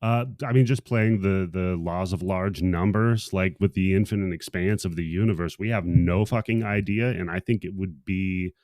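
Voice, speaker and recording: A man with a fairly low voice, speaking as a guest on a casual podcast. He lays out his points calmly and adds a wry, dark edge. The recording is dry and close. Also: normal speed, hardly any pauses, dry recording. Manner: calm, wry reasoning with dark humor.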